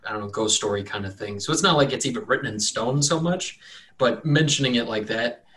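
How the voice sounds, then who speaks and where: A man's voice: medium pitch, a little fast, a bit bright. A man narrating as game master in a loose, joking way. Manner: loose, joking, filler-heavy.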